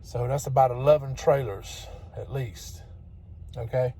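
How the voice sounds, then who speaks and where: A truck-driving vlogger talks casually into his phone camera from his truck cab and a loading dock, ranting in a chatty, exasperated way and laughing often. His mid-range voice is unhurried and mellow, with a breathy edge.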